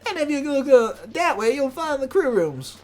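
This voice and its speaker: A woman's voice: on the low side, brisk, husky. Woman doing a folksy Southern beaver Pokémon. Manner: folksy Southern drawl, excitable, says 'by golly'. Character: eager, humble young male beaver Pokémon.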